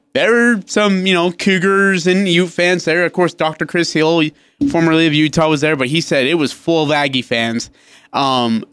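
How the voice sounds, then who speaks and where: Here a male sports radio co-host chats casually, an animated storyteller who laughs often and performs the quotes. The voice is on the high side with a clean tone, recorded dry.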